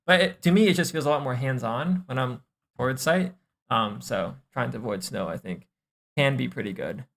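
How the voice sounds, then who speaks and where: A young man streaming, casually reviewing gameplay and coaching, relaxed and thinking aloud with lots of fillers and the odd swear. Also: medium pitch, normal speed, gravelly.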